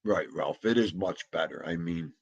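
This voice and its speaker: A man in his fifties with a husky, somewhat low voice. He chats casually in a rambling, jokey way and talks to his dog. The recording sounds a little dull and muffled. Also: moderate pace. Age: 50s. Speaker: vlogger. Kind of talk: casual chat.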